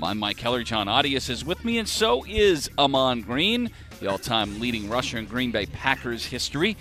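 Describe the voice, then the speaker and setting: A male sports radio host with an easygoing, chatty manner. He keeps things moving with quick questions to his guests, and a faint music bed sits beneath his voice. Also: medium pitch, sing-song, pushed and bright.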